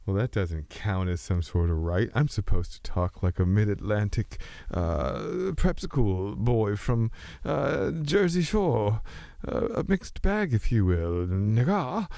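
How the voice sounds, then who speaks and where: A man's voice: fairly low pitch, animated, slow pace, gravelly, mellow, no room sound. A man with a slight Texas twang, rambling loosely and joking at his own expense as he hosts a solo podcast. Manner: loose, joking, meandering, self-mocking. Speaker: podcast host.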